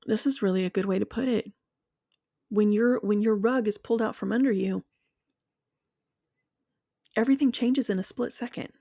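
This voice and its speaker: A woman speaking in a slow, measured, earnest reflective monologue, walking the listener through guided imagery and then sharing her own experience. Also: mid-range voice, gravelly, dark tone, dry recording, clean studio sound.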